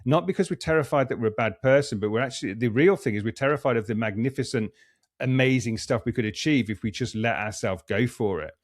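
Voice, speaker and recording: A man's voice: mid-range voice, fast talker, no room sound, studio quality. A middle-aged man, a coach and performance psychologist, reflecting earnestly as a podcast guest and often restarting his sentences. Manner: earnest, restarts and repeats words while thinking. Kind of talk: reflective conversational explaining.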